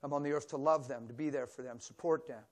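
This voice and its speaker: A man in his sixties preaching a sermon in a church, telling stories animatedly and swinging from loud exclamations to a soft near-whisper. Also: fairly high pitch, fairly even intonation, quick pace.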